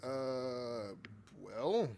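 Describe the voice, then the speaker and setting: A young man chatting on a casual livestream, telling an excitable story with halting restarts and the odd swear word. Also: medium pitch, creaky, a little hiss or hum. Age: young adult. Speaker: streamer and voice actor.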